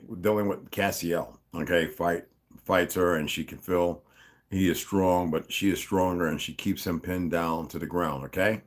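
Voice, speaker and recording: Male streamer, low voice, casual read-aloud; stumbles, self-corrects, chats between passages. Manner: rambling, stops to comment and correct himself. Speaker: livestream host reading a novel aloud.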